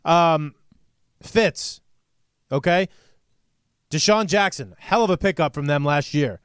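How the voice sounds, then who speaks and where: A man's voice: a little high, slow pace, clean tone, dry recording, studio quality. A man co-hosting a sports podcast in casual chat, blunt and sarcastic, often mimicking fans.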